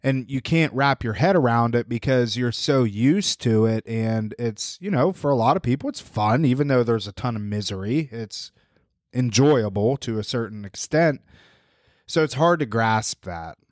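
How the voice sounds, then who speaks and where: A man co-hosting a recovery podcast, his voice mid-pitched, talks in a reflective, explaining way. He is recorded on a close mic in a dry room. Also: lively intonation, moderate pace, dry recording. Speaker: podcast co-host. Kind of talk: casual recovery talk.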